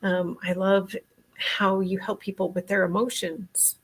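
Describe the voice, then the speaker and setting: A woman's voice: mid-range voice, little pitch movement, unhurried, slightly rough. A woman hosting a casual interview over a video call, friendly and encouraging, often giving brief affirmations. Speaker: host.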